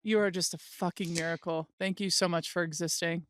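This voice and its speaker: A woman co-hosting a podcast with a smooth, resonant voice. She gushes with praise for her guest and drops swear words for emphasis. The sound is dry and close to the mic. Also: fairly low pitch, steady tone, a little fast, no echo. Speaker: podcast co-host. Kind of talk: casual chat.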